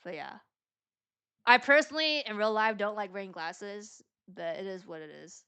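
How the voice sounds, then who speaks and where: A woman's voice: medium pitch, moderate pace, pushed and bright, smooth. A woman streaming a game, reading its dialogue aloud and chatting in a rambling, filler-heavy way, laughing often. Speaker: VTuber streamer.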